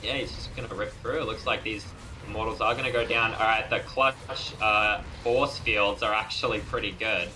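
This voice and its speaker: A man's voice: fairly low pitch, fairly even intonation, moderate pace, hardly any pauses, crowd noise, poor audio. A man co-casting a live strategy game in a laid-back way, laughing easily through the banter. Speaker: esports caster.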